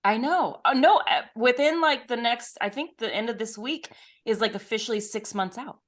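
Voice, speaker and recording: A woman's voice: fairly high pitch, normal speed. A woman co-hosting a podcast in casual chat, playful and self-deprecating, with a slightly phlegmy throat. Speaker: podcast co-host.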